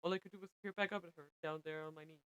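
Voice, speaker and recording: Young woman streamer reading a visual novel out loud, bright voice, dry sound. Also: deep voice, very fast, clear, resonant tone, no room sound, low-quality recording. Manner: expressive narration, breaks into laughter.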